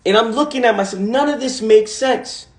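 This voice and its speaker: Man in his twenties, high voice, echoey room, intense rhetorical questions, swearing, live-stream talk. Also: moderate pace, a little mellow. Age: 20s. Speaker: motivational speaker on a live stream. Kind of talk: casual live-stream monologue.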